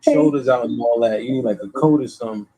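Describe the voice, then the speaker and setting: A man with an ordinary mid-pitched voice, teasing a guest bluntly. He talks in loose, casual chat, giving quick pointers. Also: warm tone.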